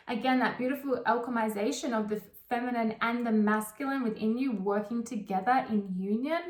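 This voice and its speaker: A woman's voice: on the high side, roomy sound, recorded from a distance. A woman giving a casual, chatty tarot reading, swearing freely and stretching out her emphatic phrases. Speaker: tarot reader.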